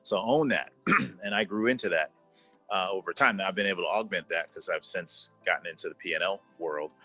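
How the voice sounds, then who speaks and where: Low-ish voiced guy in his 50s on a video call, earnest, repeats himself for emphasis, faint music behind. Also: brisk, pushed and bright, breathy edge. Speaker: guest, former executive. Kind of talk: conversational interview.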